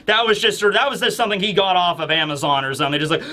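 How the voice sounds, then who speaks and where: A young man talks through a manga chapter in a casual, animated way. His voice sits high for a man and sounds bright and forceful. He keeps jumping up into even higher voices to act out the characters' lines. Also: very fast. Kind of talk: casual recap and commentary.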